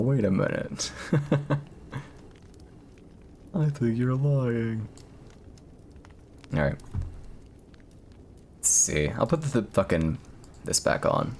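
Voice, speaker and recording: A man's voice: on the low side, slight background noise. A young man live-streaming, chatting casually with viewers in a rambling, profane way. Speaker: streamer reading horror stories.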